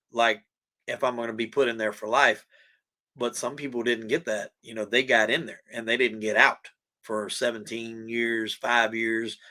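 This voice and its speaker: A man's voice: medium pitch, bright, forceful tone. A man with a Southern US accent, telling his own story as a podcast guest in a plain-spoken, folksy way, emotional as he talks. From USA. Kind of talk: casual storytelling.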